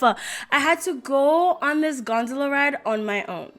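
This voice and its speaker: A woman's voice: sits high, a little slow, soft background music. A young woman, telling stories in a casual vlog with lots of "like" fillers. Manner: chatty and animated, lots of "like" fillers. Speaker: vlogger.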